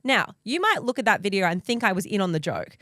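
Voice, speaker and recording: A woman's voice: mid-range voice, sing-song, quick pace, fairly bright tone, no echo. A woman co-hosting a podcast, telling a story in chatty casual talk full of fillers. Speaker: podcast co-host. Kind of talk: casual chat.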